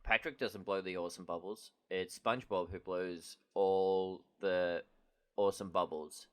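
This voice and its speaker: A man's voice: low-pitched, steady tone, measured pace, clean tone. A man co-hosting a podcast, recapping a cartoon episode in casual chat, laughing often and starting sentences over. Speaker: podcast co-host.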